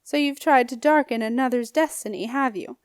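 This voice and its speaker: A woman's voice: a little high, moderate pace, clean tone, no room sound, clean studio sound, close to an everyday voice. A woman reading an audiobook, voicing a scornful, menacing old male ghost with a snappish, growling manner. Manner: sneering, bullying.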